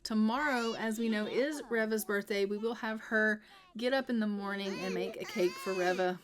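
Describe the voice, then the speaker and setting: A woman's voice: mid-range voice, normal speed. Chatty woman narrating a life-sim game. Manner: chatty, wry asides, frequent laughs. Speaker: let's play narrator. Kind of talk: casual gameplay commentary.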